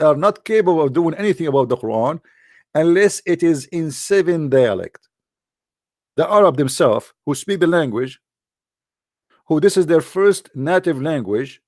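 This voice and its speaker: A man speaks to his audience in a sarcastic, mocking monologue, his English halting and non-native. His voice sits somewhat high, and the sound is dry, with no room around it. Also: darkish tone, no room sound. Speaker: online commentator.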